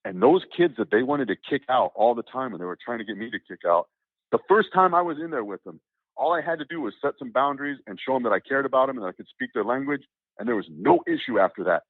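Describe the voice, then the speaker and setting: A man telling a long story in casual chat, rambling and animated, with many restarts and acted-out quotes. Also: mid-range voice, fast, vocal fry, no echo. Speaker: interview guest. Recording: tinny phone-like line, dry.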